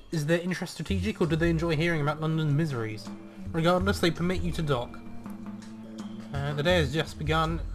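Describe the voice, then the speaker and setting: A chatty man with a slightly high voice plays through a game, musing aloud and reading its text with theatrical flair. Faint game music plays behind him. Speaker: video game let's player.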